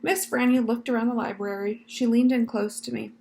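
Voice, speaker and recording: A woman reads a story aloud, with an expressive, warm delivery. Her voice sits a bit high, with a gravelly edge, over a faint background hiss. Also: a little fast, reverberant. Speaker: teacher reading aloud.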